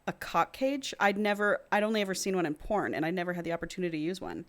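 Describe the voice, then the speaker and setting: A woman reading the lines of an apologetic, submissive young man from a book, in her own low voice. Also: animated, fast. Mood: contrite. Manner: contrite, hesitant.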